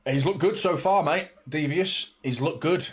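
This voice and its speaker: A young man excitedly chatting through a live football watchalong, reacting to the match and greeting viewers by name. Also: on the high side, a little slow.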